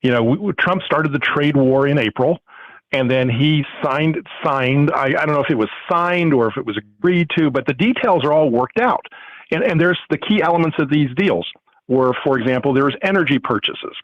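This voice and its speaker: A man's voice: fairly high pitch, animated, moderate pace, no room sound, muffled recording. A male economist explaining a trade deal in an interview, with a few restarts. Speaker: economist guest.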